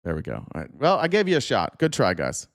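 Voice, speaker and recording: A man live-streaming, arguing his points in a quick, rapid-fire rant. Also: mid-range voice, huge pitch swings, no room sound, studio quality.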